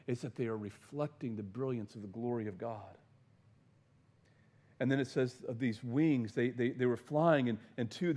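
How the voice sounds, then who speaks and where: A man's voice: medium pitch, mellow. A man preaching a sermon, earnest, stumbling over and repeating words, often asking his listeners questions. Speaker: pastor.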